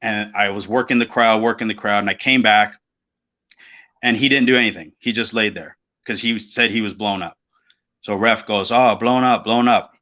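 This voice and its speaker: A man's voice: on the low side, normal speed. Middle-aged guy on a podcast, swears a lot, tells road stories and does everyone's voices, muffled lo-fi sound. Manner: profane, animated storyteller who acts out quoted voices. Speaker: podcast co-host, former pro wrestler. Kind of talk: casual storytelling chat. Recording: dull lo-fi podcast audio.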